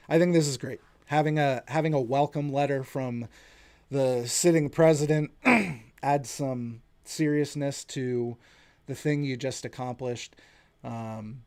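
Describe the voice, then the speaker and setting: In no hurry, a man in his late thirties from the U.S. hosts his own podcast, sharing sincere opinions in a chatty way. He speaks at a medium pitch with a somewhat dark tone.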